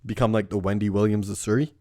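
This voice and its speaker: A man's voice: fairly low pitch, fairly even intonation, quick pace, warm tone. A young man from Canada hosting a casual, rambling podcast, full of swearing and laughing as he tells stories. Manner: profane, laughing storyteller. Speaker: podcast host.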